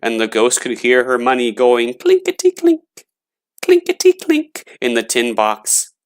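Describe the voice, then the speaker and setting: A man narrating a scary story in a slow, dramatic reading voice. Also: mid-range voice, very animated.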